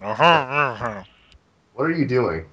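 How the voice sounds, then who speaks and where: Lively, jokey male podcast host. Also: medium pitch, extremely slow, breathy edge, muffled recording. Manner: jokey, laughing often. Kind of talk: casual podcast chat.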